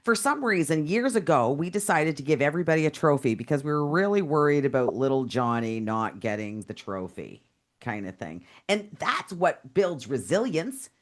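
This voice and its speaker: A woman's voice: sits low, sing-song, normal speed. A female co-host in casual chat, speaking emphatically and reflectively. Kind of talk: casual talk-show chat.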